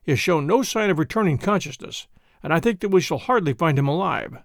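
An earnest young gentleman telling his troubles with rising indignation, read by a man. The voice is high and lively with a gravelly edge. The sound is close and dry. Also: brisk, dry recording. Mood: indignant. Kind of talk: audiobook character voice.

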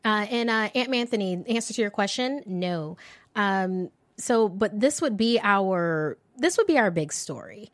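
A woman hosting a casual movie news chat, animated and joking with sudden swings in pitch. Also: measured pace, no echo. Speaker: podcast host.

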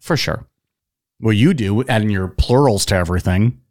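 A man's voice: fairly low pitch, animated, normal speed, darkish tone. A man with a southern Ohio accent co-hosting a podcast, rambling and laughing often in casual banter. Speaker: podcast co-host.

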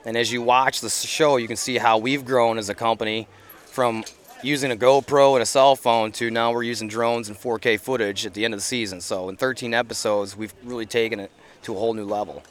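A man's voice: medium pitch, steady tone, fairly quick. A middle-aged man chatting as a podcast guest outdoors, talking earnestly with plenty of fillers and restarts. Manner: earnest, rambling, many fillers. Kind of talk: casual interview chat. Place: outdoors at an event.

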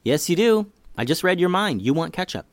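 A man's voice: a little high, sing-song, a little fast, no echo, clean studio sound, voice pushed up. A man voicing a clever little girl who teases her brother in a matter-of-fact way, in a children's story. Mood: teasing.

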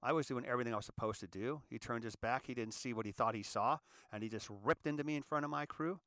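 A man of sixty from California, hosting a show and telling his story in an earnest, halting monologue that often repeats words. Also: mid-range voice, a bit bright, no room sound. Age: 60s. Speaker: show host. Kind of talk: confessional monologue.

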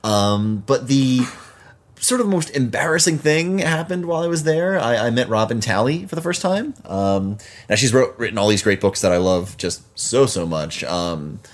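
Lively man chatting casually about books. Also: mid-range voice, normal speed. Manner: animated, many fillers and restarts, laughs easily. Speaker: podcast co-host.

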